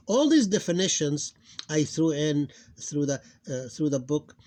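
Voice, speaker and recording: A man's voice: a little high, big pitch swings, a little mellow. Self-correcting male phonics teacher. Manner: halting, repeats and corrects himself. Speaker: Arabic teacher. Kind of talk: recorded phonics lesson.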